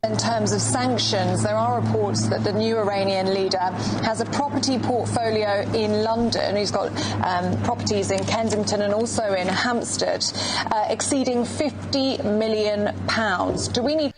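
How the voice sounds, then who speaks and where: A woman asking news interview questions in a measured way, with a few hesitations. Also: medium pitch. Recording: noisy broadcast clip.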